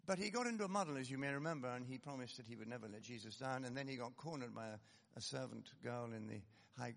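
A man preaching a sermon in an animated, conversational way, with self-deprecating asides. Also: medium pitch, fast, vocal fry, in a large hall.

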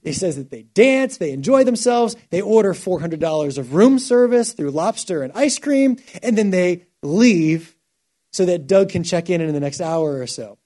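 Animated man preaching a sermon, warm tone. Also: high-pitched, moderate pace. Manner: animated storytelling, shifting from quiet to loud. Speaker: pastor.

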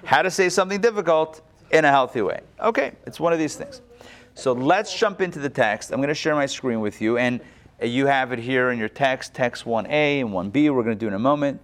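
A man's voice: medium pitch, expressive, a little fast, a bit bright, a little hiss or hum. A man teaching an online Torah class over a video call, retelling the text in casual modern speech.

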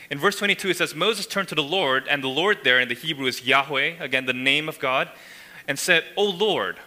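A man preaching in a church sanctuary, his voice bright and forceful with a slightly high pitch. He talks emphatically, explaining scripture and checking in with his listeners. A long reverb trails after his words. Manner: emphatic, frequent tag questions, voices God's words. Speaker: pastor. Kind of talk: sermon.

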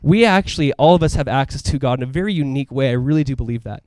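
A man preaching a sermon as a pastor in a casual, conversational and animated way, full of asides to the congregation. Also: medium pitch, racing, dry recording. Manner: animated, emphatic delivery.

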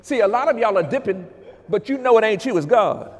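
A man preaching a sermon as pastor, moving from hushed passages to shouts and calling out to the congregation. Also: high-pitched, animated, brisk. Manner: preacherly, swings between hushed and shouted, talks back to congregation. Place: church sanctuary. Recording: long reverb of a church hall.

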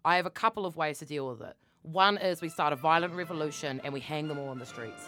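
A woman's voice: low voice, fast talker, a bit bright, faint music behind. A young woman co-hosting a podcast in casual chat, fiery and swearing a lot as she gets worked up. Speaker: podcast co-host.

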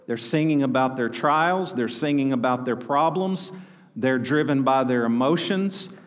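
An unhurried male pastor with a mid-range voice delivers a sermon, calling out for responses from the congregation. His words echo with the long hall reverb of a church sanctuary.

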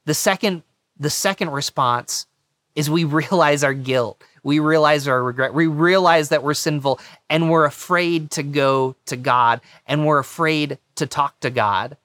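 A male pastor delivers a sermon with an earnest, conversational manner, often saying "you know". His voice sits a little high for a man. The sound is close and dry, with almost no room echo. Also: measured pace, a bit bright.

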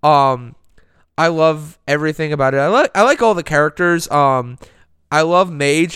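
A man's voice: fairly high pitch, moderate pace, a bit bright, clean tone, dry recording, clean studio sound. A man co-hosting a podcast in casual chat, enthusiastic and rambling, swearing freely. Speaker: podcast co-host.

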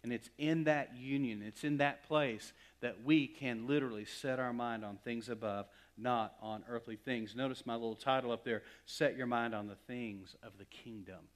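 A male pastor preaching a sermon, building to emphatic, louder swells and then dropping to hushed, slow asides. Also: medium pitch, steady tone.

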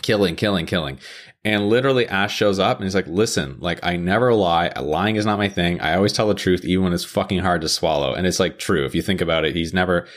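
A man hosting a podcast, hyped up and ranting profanely in a casual show recap, often jumping into high-pitched mocking quotes. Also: fast. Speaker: podcast host.

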